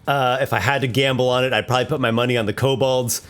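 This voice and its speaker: A man's voice: medium pitch, fairly even intonation, quick pace, fairly bright tone, clear, resonant tone. Eager man narrating a tabletop monster battle. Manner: enthusiastic, thinks aloud over dice rolls. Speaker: host running a monster battle. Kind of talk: narrating a tabletop combat simulation.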